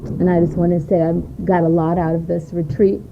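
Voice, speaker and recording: Woman, lowish voice, sharing earnestly at a recovery meeting, muffled tape. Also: little pitch movement, moderate pace, gravelly, warm tone. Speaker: meeting attendee. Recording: dull lo-fi tape with faint noise.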